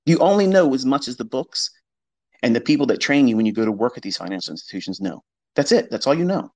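A man's voice: mid-range voice, sing-song, fast talker, darkish tone, rough recording. A man hosting an online audio chat, talking in a blunt, profane, casual monologue. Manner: blunt and profane, mocking the doubters he quotes. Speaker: trading educator hosting an audio space.

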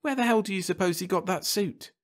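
A man's voice: mid-range voice, animated, brisk, a bit bright, natural voice. A man voicing a brash, blunt middle-aged television man. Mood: mocking. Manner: breezy and blunt.

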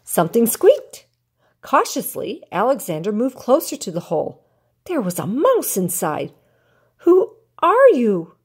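An older woman, a grandmother, reading a children's picture book aloud in an expressive, animated way. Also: mid-range voice, normal speed, breathy edge. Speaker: storyteller grandmother.

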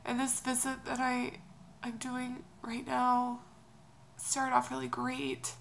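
A young woman talks through her worries in a tearful, halting vlog. Her voice is strongly gravelly and sits a bit high, and she keeps her delivery soft and hesitant. A faint hiss runs under the recording. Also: completely flat delivery. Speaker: vlogger. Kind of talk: emotional personal vlog.

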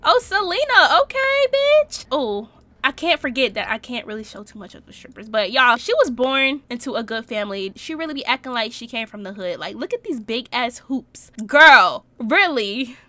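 A young woman casually commenting on her life-simulation gameplay, slangy and animated, reacting and laughing at what happens on screen. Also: on the high side, normal speed, no room sound. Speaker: Sims let's-play host.

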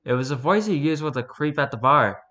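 A man casually reading a spooky first-person story aloud, relaxed and unpolished, stumbling and correcting himself as he goes. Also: on the high side, fairly quick. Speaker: story reader.

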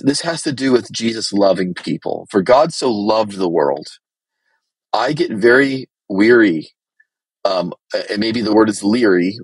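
Guy preaching bluntly, low husky voice, dry close sound. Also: dry recording. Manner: blunt, direct and exhorting. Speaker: pastor. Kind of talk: sermon teaching.

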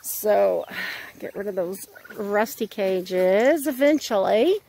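A woman's voice: mid-range voice, animated, slow, gravelly, warm tone, a little hiss or hum. A woman giving a casual walk-and-talk tour of her homestead, chatting to her animals. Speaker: homesteading vlogger. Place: outdoors on a homestead with poultry.

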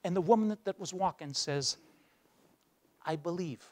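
High-voiced man telling a story. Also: a little fast. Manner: acts out the voices in his stories, drops low for dramatic moments. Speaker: guest speaker. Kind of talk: motivational storytelling speech. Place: university lecture hall.

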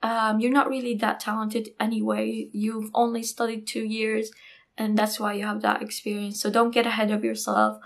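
A woman's voice: a little high, monotone, moderate pace, gravelly. A woman acting out an angry young female classmate who rants and accuses her. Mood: accusing. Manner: hostile, accusing rant.

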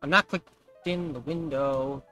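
A man's voice: a little high, steady tone, a little slow, pushed and bright, soft background music, low-quality recording. Sarcastic man joking through gameplay. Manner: sarcastic and jokey, talks back to the game. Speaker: let's play host. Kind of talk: casual gameplay commentary.

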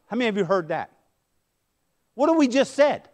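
A middle-aged man delivers a sermon from the pulpit with a strikingly high voice. He preaches with passion, pushing hard on key points and then pulling back into hushed asides. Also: sing-song, moderate pace, pauses often. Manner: impassioned, swinging between loud emphasis and hushed asides. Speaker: pastor.

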